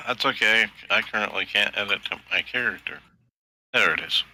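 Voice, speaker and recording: A man's voice: fairly low pitch, slow, pushed and bright. A man playing in an online tabletop game, joking casually and drawling his quips. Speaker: player.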